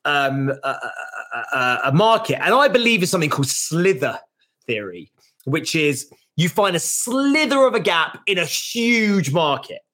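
Man, podcast guest, lively storyteller, swears freely, slightly higher pitch. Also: moderate pace. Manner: animated, swears freely, acts out voices. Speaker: guest, startup founder.

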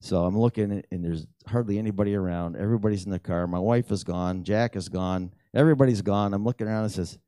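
A middle-aged man telling prayer stories in a lively, animated way, acting out the dialogue. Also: fast talker, few pauses, clear, resonant tone, dry recording, studio quality. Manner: animated storyteller who acts out dialogue with big pitch jumps. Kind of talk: storytelling testimony talk.

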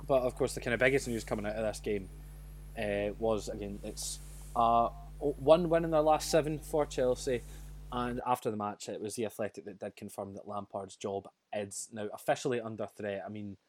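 A man's voice: fairly low pitch, normal speed, a little hiss or hum. A man co-hosting a casual football chat, talking chattily with frequent restarts and laughs. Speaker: podcast co-host.

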